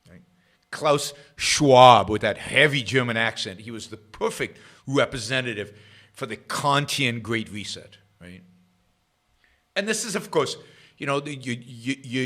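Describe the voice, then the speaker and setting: A middle-aged man hosting a political talk livestream, sarcastic and rambling, jumping between loud emphasis and quiet muttered asides. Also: mid-range voice, expressive, unhurried. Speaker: host of a political talk show. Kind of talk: livestream commentary.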